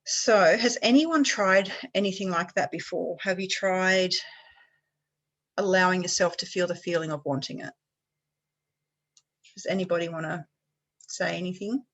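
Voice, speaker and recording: A woman's voice: lowish voice, normal speed, pauses often, low-quality recording. A woman leading a health workshop on a video call, talking in a casual, encouraging way.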